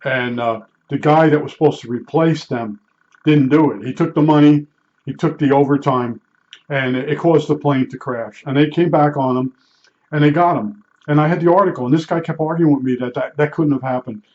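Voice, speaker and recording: A man's voice: on the high side, fairly quick, darkish tone, lo-fi sound. An older man from New Jersey telling rambling, blunt stories from his working life, with lots of restarts and salty asides. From Newark, New Jersey. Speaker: vlogger recalling his work as a meter calibrator. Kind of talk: rambling casual storytelling.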